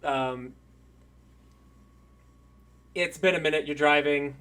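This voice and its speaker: A man narrating a tabletop game as game master, pausing often with filler sounds. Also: on the high side, steady tone, sharp tone, clean tone. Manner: halting, lots of "um" pauses.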